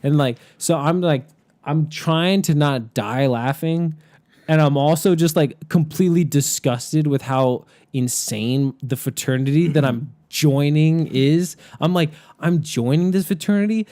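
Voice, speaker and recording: A man with a slightly high voice tells a rowdy story in casual podcast chat. He is animated and laughs often, with fillers scattered all through. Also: measured pace.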